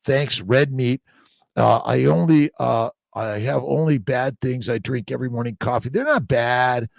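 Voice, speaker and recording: Reading viewer comments aloud on a casual live stream, a middle-aged man sounds upbeat and exclamatory, alternating loud bursts with low murmurs. He speaks at a moderate pace with vocal fry, in a studio-quality recording free of room sound.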